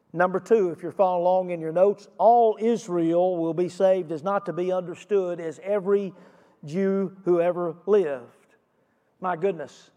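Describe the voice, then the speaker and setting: A man's voice: high-pitched, mellow, long reverb tail. A male pastor preaching a sermon in an earnest teaching tone, asking rhetorical questions and walking through numbered points.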